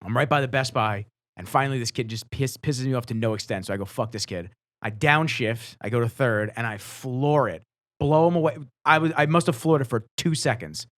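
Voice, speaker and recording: A man hosting a podcast, telling stories casually in a fast, animated way and swearing freely. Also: medium pitch, no room sound, clean studio sound. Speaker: podcast host. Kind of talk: casual storytelling.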